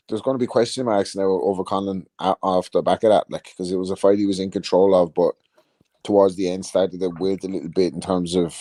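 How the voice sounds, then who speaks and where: Low, mellow-voiced man swearing through casual boxing chat. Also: no echo. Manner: sweary, animated, laughs often. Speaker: podcast co-host.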